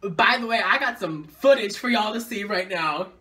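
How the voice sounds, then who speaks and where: A young woman vlogger telling a casual story time, excitable and full of swearing. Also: medium pitch, moderate pace, distant mic.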